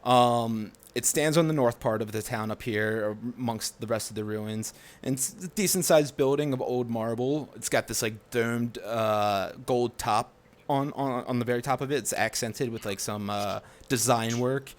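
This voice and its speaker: Male game master describing a scene, mid-pitched, halting, full of ums. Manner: halting, many fillers. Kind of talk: narrating a tabletop game.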